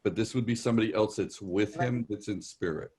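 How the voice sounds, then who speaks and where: A man's voice: on the low side, a little fast, dark tone, husky. A man with a New York accent, a psychic medium giving rambling, reassuring readings on a live virtual show. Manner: rambling, reassuring, relays messages in quotes.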